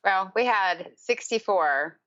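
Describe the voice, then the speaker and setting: A woman's voice: mid-range voice, lively intonation, slow pace, fairly bright tone. A woman co-hosting a podcast, chatting about football in a playful, teasing way. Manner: playful, teasing, laughs often. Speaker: podcast co-host. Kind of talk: casual sports chat. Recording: slightly dull lo-fi sound.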